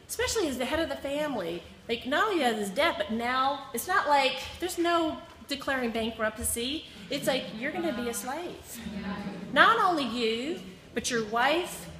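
A woman's voice: high voice, pushed and bright, a little hiss or hum. A woman teaching a Bible class, reading scripture aloud and explaining it in loose, self-correcting asides. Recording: echoey room.

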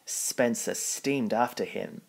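A man's voice: mid-range voice, slow, vocal fry. A man reading a children's picture book aloud, plainly, with small slips. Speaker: storybook reader.

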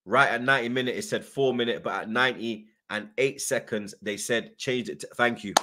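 A man's voice: medium pitch, a little fast, hardly any pauses, noisy background. A man hosting a live football watchalong, ranting angrily with heavy swearing, repeated taunts and tag questions. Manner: angry, swearing, repeating taunts and "yeah?" tags. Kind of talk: live fan watchalong rant.

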